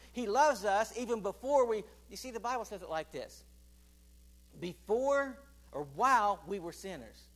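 A man preaching a sermon with a notably high voice. He swings from loud, emphatic declarations down to hushed, low asides, and keeps putting questions to the congregation and calling for answers. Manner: asks the congregation questions and calls for responses.

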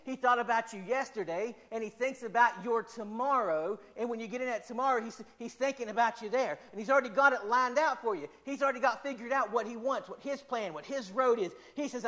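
A man preaching a sermon in an earnest, repetitive way, slowing down for emphasis. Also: extremely high pitch, fairly bright tone.

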